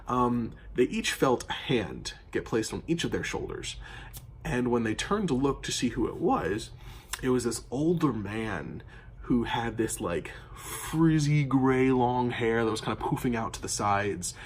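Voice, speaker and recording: A man's voice: mid-range voice, sing-song, measured pace, husky. A man game master recapping a tabletop campaign in casual, rambling storytelling with lots of fillers.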